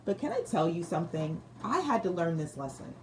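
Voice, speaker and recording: A woman's voice: lowish voice, sing-song, a little fast. A woman doing a casual tarot reading for her viewers, laughing often and repeating phrases for emphasis, with slangy talk. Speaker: tarot reader. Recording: noticeable background noise.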